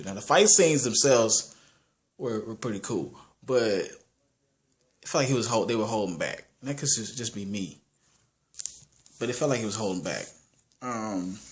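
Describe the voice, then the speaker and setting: A man giving a casual, rambling movie review, full of restarts and slang. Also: medium pitch.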